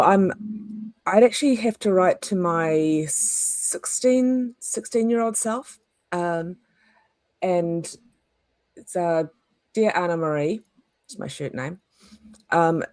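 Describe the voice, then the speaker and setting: A woman talking as a guest over a video call, thoughtful and candid, with some halting restarts. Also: on the low side, a little mellow, dry recording. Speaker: interview guest.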